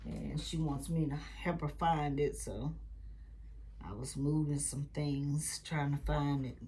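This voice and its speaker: Speaking slowly in a low voice, a woman hosts a sewing tutorial on her quilting channel. Her talk is casual and rambling, full of family stories and the odd soft, muttered aside, with a bit of background noise.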